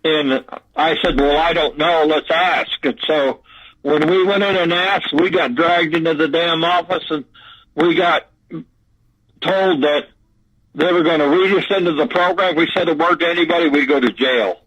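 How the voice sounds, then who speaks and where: An older man telling his story as an interview guest over the phone, halting and repeating words as he talks. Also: a little high, fairly bright tone. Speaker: guest recounting an encounter. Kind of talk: casual storytelling. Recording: muffled phone-line sound.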